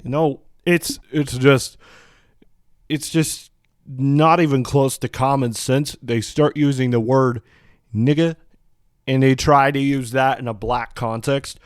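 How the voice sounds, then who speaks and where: A man's voice: medium pitch, steady tone, slow pace, dry recording, studio quality. A man hosting a solo podcast, reading out news and then ranting in a heated, profane, outspoken way, rambling with many restarts. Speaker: podcast host.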